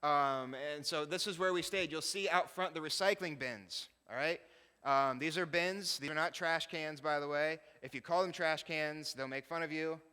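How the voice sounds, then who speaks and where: Presenting slides at normal speed, a missionary pastor keeps things chatty, laughing and tossing in jokes at his own expense. He has a smooth, resonant, forceful voice that's bright and slightly high for a man, echoing with long reverb around a church hall.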